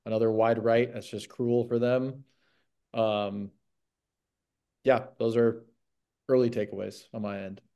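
A man's voice: mid-range voice, little pitch movement, unhurried, long pauses, warm tone, smooth, dull audio. A young man co-hosting a casual sports podcast, laid-back with frequent ums. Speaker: podcast co-host. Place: home.

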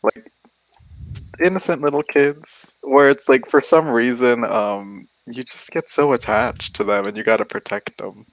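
A man telling stories in casual podcast chat, animated and laughing, with some swearing. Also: mid-range voice, unhurried, no echo, poor audio.

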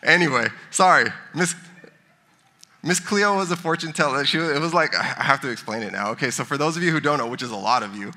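A man's voice: a little high, a little fast, pushed and bright. A man in his thirties giving a casual sermon, chatting and joking with the congregation. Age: 30s. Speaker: pastor.

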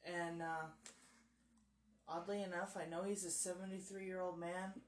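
A woman's voice: lowish voice, level tone, measured pace, a little hiss or hum. A woman in her thirties co-hosting a podcast in casual chat, blunt and insistent, teasing her co-host. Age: 30s.

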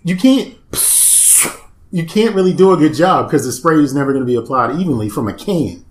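A man's voice: a little high, lively intonation, fairly quick, echoey room. A man co-hosting a casual chat, explaining things in a patient, matter-of-fact way. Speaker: podcast co-host.

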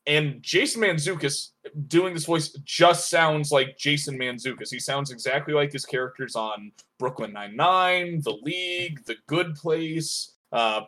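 A man co-hosting a casual review podcast, talking in a measured, analytical way with frequent "uh" and "like". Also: mid-range voice, pushed and bright. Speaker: podcast co-host reviewing a show.

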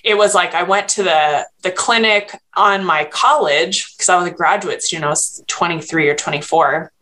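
A woman's voice: lowish voice, moderate pace, sharp tone. A woman in her thirties telling a personal story in a candid, rambling way, with many restarts and fillers, as a podcast host. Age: 30s.

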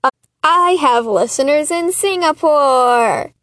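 A woman's voice: high voice, takes it slowly, a bit bright, no echo. A woman hosting her own solo political commentary podcast, talking in an impassioned, exasperated rant with chatty, self-mocking asides. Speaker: podcast host.

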